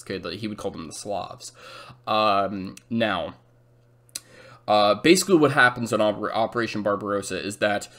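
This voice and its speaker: A man's voice: on the low side, fairly bright tone. A man teaching a history lesson over a map, casual and full of "uh" and "um", acting out quotes now and then. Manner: filler-heavy, restarts, acts out quotes.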